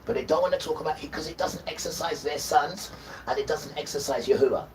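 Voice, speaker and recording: A man's voice: on the high side, quick pace, far from the mic, soft background music, poor audio. A man giving a preachy, emphatic livestream talk, lecturing the viewers with chuckling asides. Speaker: livestream host.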